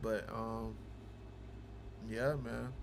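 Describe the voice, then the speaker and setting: A man hosting a livestream, chatting casually with viewers and teasing them, going from low mumbling to loud ranting. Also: little pitch movement, very slow, vocal fry, noisy background. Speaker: livestream host of a game broadcast.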